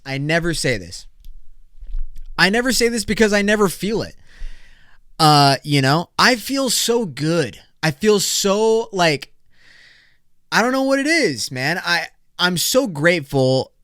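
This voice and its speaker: A young man in his twenties hosting a solo podcast, rambling, profane and high energy. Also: fairly bright tone, smooth, no room sound, studio quality. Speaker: podcast host.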